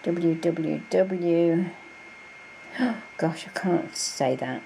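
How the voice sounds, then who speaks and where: Slow, low-voiced chatty woman crafter. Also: creaky, mellow, slight background noise, low-quality recording. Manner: chatty, gushing, with many fillers. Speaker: crafting vlogger. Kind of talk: casual show-and-tell.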